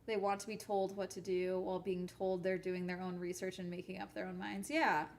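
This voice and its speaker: A woman's voice: on the low side, flat delivery, brisk, slight background noise. A young adult woman YouTuber chatting casually on a live stream while gaming, ranting bluntly and swearing often.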